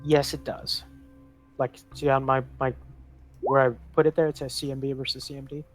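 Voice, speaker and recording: A man with a mid-range voice joins a tabletop game, talking casually and explaining the rules. Quiet music runs underneath. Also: medium pitch, level tone, normal speed. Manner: chatty, explains the rules eagerly. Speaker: player.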